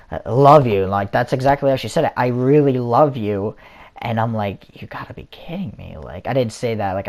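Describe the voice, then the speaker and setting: A man's voice: on the low side, a little mellow. A young man casually telling a story in a vlog, rambling with lots of fillers and restarts. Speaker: vlogger. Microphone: console or headset mic.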